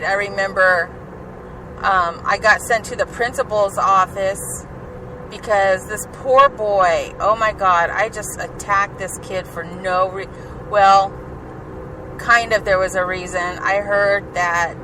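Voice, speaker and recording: A woman telling rambling personal stories in a chatty way, full of "like" and "um", while she drives. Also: lowish voice. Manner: chatty, filler-heavy with frequent "like" and "um". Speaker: podcast host. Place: inside a moving car. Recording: car road noise behind voice. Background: car and traffic noise.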